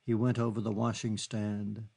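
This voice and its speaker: A man narrating a literary novel in a measured, steady reading. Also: on the low side, vocal fry, slightly rough. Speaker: audiobook narrator.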